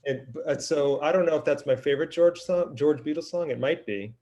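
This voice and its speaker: A warm, fairly quick voice on the high side belongs to a musician co-hosting a podcast. Enthusiastic but hesitant, he chats casually about his favorite songs with lots of ums and restarts.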